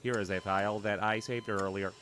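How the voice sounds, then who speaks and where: Man doing odd unnatural voice, deadpan tutorial host, lowish pitch, comedy sketch. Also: slight background noise, lightly acted. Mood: deadpan instructive. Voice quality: strange unnatural voice. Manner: flat, measured tutorial delivery.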